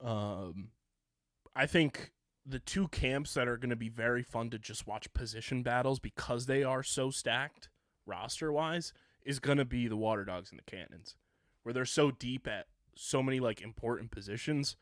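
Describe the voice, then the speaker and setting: A man's voice: mid-range voice, normal speed, fairly bright tone, no room sound, clean studio sound. A young man co-hosting a sports podcast, chatting casually and running through lists of names with lots of fillers. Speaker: podcast co-host.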